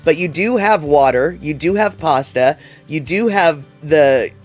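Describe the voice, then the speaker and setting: A man's voice: fairly high pitch, expressive, measured pace, soft background music. A man hosting a livestream, chatting casually and reading out viewer comments in a rambling way, with many fillers and restarts. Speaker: livestream host.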